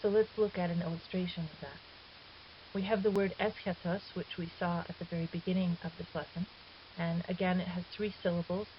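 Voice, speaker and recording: A woman's voice: fairly low pitch, steady tone, a little fast. Patient woman teacher on lo-fi audio. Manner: patient, methodical explaining. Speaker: Greek teacher. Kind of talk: recorded grammar lesson. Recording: dull lo-fi audio with faint hiss.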